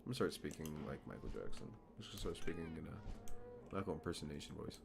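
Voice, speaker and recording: Deep-voiced man rambling through a game stream. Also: fast, vocal fry, noisy background. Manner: rambling, chatty, self-mocking. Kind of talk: casual gameplay commentary.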